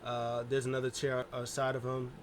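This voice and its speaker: Male recap host, mid-pitched, chatty and rambling, slips into voices for quotes, light background hiss. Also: completely flat delivery, moderate pace. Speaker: wrestling show recap host. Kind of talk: casual recap talk.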